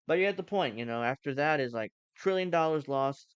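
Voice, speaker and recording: A man's voice: mid-range voice, big pitch swings, moderate pace, clean tone, no echo. A man hosting a casual live stream, reacting to news clips with sarcastic, mocking rants. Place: home, cooking during stream.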